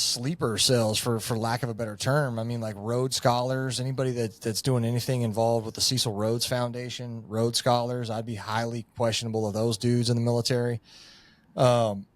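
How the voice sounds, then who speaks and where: A man's voice: medium pitch, dry recording. A middle-aged man, a former Marine, talking in a rambling, profane way with lots of fillers in a casual podcast chat.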